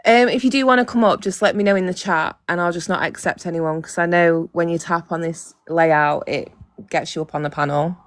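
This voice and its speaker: Woman on her phone live, lowish voice, dry room, blunt, swears a lot, talks right to her viewers. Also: brisk, no room sound. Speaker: livestream host. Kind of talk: casual livestream chat.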